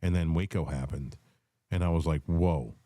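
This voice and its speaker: Deep, dark-voiced man in his forties. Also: normal speed, no echo, clean studio sound. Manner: rambling, conversational, swears casually. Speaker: podcast host. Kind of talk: casual political chat.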